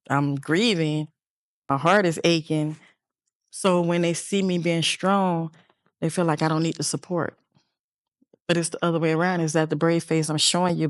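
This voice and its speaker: A middle-aged woman speaks as an interview guest, earnest and reflective. Her voice sits on the lower side. The sound is dry and close. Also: no room sound. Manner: earnest, heartfelt, reflective storytelling. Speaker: interview guest, bereaved mother. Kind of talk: emotional personal interview.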